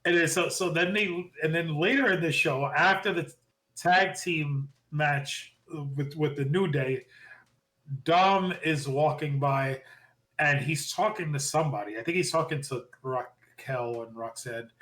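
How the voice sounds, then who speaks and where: A man co-hosting a podcast, excitedly retelling a wrestling show and acting out quotes with lots of laughter. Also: fairly high pitch, a little slow. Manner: excitable storyteller, laughs often, acts out quotes. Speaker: podcast co-host. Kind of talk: casual wrestling recap chat.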